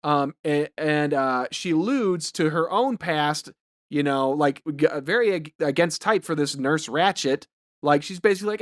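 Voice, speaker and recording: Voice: medium pitch, expressive, normal speed, dry recording, studio quality. A podcast co-host recapping a movie scene by scene in a profane, rambling, exasperated way. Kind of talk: casual chat.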